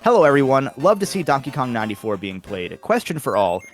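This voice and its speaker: A man's voice: medium pitch, big pitch swings, a little fast, faint music behind. A man hosting a charity stream in a casual chat, reading donation messages aloud, sometimes stumbling over them and laughing.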